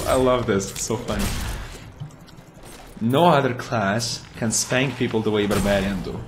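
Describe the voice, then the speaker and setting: A man's voice: on the low side, unhurried, pauses often, music in the background. A man giving casual, playful commentary while playing a video game, chatting and making goofy sound effects. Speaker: gameplay commentator. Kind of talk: casual let's-play commentary.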